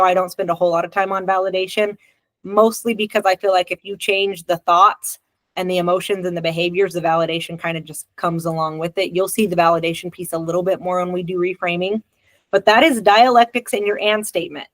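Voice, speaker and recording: Woman host of a therapy skills channel: blunt, direct lesson delivery, repeats key phrases, mid-pitched, dry close sound. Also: dry recording. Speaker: licensed clinical social worker, channel host.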